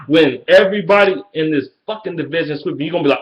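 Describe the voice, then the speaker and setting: A man's voice: rapid-fire, few pauses. Trash-talking man in an echoey room. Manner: trash-talking, profane, mocking taunts in a high sing-song. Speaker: sports fan vlogger. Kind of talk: ranting fan response video. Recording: echoey room, dull lo-fi sound.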